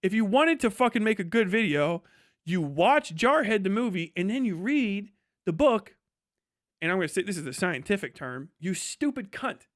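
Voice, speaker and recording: Profane ranting man, high voice. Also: animated, moderate pace, no echo, clean studio sound. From United States. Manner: profane, heated, mocking impressions. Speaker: streamer. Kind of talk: ranting livestream monologue.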